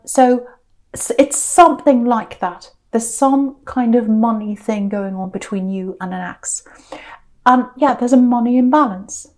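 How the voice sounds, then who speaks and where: A woman with a fairly high but mellow voice gives a casual tarot reading, thinking aloud as she goes. She often stumbles and restarts her sentences, and her soft, confiding tone keeps trailing off quieter. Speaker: tarot reader.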